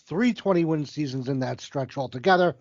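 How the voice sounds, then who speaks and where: On a dull, lo-fi, dry recording, a fortysomething sports podcast co-host curses without restraint while rattling through stats. He speaks briskly in a fairly high voice.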